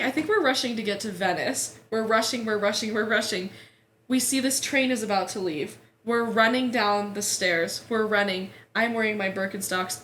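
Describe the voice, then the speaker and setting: A young American woman in her twenties, a guest telling animated stories and swearing freely in casual podcast chat. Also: mid-range voice. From United States. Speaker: guest, childhood best friend. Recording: roomy room echo, faint hiss.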